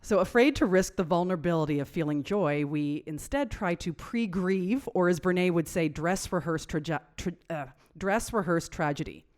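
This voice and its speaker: Woman on a podcast with a really low voice, breaks down research stuff, says yep a lot. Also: a little mellow. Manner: explains research points, affirming with quick yeps. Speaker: podcast co-host. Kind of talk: casual podcast conversation.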